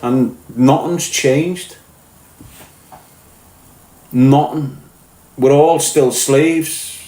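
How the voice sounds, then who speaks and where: A man's voice: on the high side, fairly even intonation, extremely slow, mellow, reverberant, rough recording. A man with a Scouse accent, a podcast guest talking in a blunt, profane rant and repeating his points. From Liverpool, England. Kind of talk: ranting conversational monologue.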